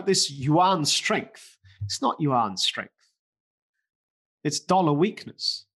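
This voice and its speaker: A man's voice: medium pitch, a bit bright. A man co-hosting a finance podcast, explaining currency moves conversationally and repeating points for emphasis. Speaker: podcast co-host, market commentator. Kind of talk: casual finance podcast chat.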